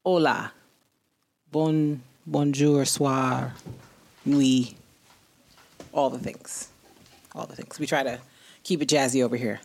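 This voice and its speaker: A woman co-hosting a casual podcast chat, animated and playful, breaking into high sing-song bits. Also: slow pace, creaky, long pauses. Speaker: podcast co-host.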